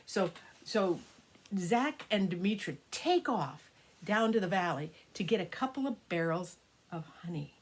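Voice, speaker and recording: Older woman, grandmother storyteller, husky breathy voice, animated, hushed whispers, children's story. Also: fairly low pitch, unhurried.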